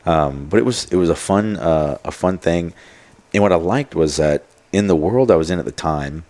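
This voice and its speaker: A man's voice: deep voice, animated, normal speed, darkish tone. A man telling stories as a podcast guest, in a rambling casual way full of fillers and quoted asides. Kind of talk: casual storytelling.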